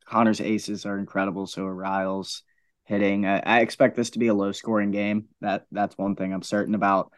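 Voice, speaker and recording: Young male podcast co-host, low voice, matter-of-fact, dry recording. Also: flat delivery, a little fast, no echo. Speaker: co-host of a high school sports podcast. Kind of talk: casual sports chat.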